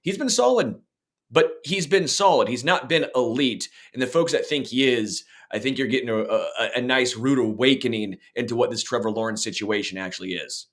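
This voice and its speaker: Dude on a football podcast, mid voice, strong opinions, says "i, i" a lot. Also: male voice, medium pitch, moderate pace, fairly bright tone. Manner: opinionated, blunt, repeats words as he restarts. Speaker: podcast co-host. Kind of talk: casual sports podcast chat.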